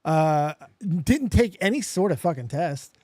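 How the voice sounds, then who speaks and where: A man in his forties hosts a late-night chat stream, swearing freely as he tells stories. His pitch leaps up and down as he gets worked up. The recording is dry, with the mic close to him. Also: a little slow, no echo. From Las Vegas. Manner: profane, animated storyteller. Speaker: podcast host. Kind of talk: casual chat.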